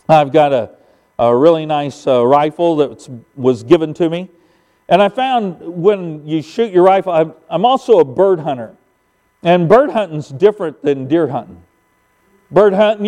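A man's voice: fairly high pitch, warm tone, in a large hall. An older man preaching a sermon as pastor, telling folksy stories with emphatic sound effects. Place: church sanctuary.

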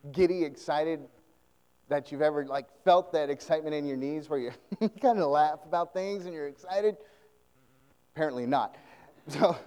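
A man's voice: on the high side, in a large hall, rough recording. A man preaching a sermon, retelling a story with lots of laughter and acted-out voices. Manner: animated, laughing often, acting out scenes.

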